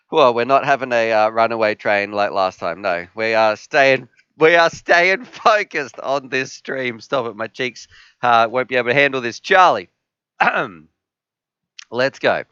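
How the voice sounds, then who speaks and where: A man's voice: medium pitch, lively intonation, slow pace, pushed and bright, smooth, no room sound, lo-fi sound. A man hosting a casual live stream, chatty and laughing often as he reads out chat messages.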